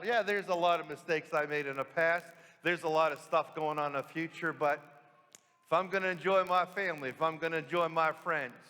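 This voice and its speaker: Priest telling a story in his homily, bright voice, big church echo. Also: sits high. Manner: warm storytelling with rhetorical questions. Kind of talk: sermon storytelling. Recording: long church reverb.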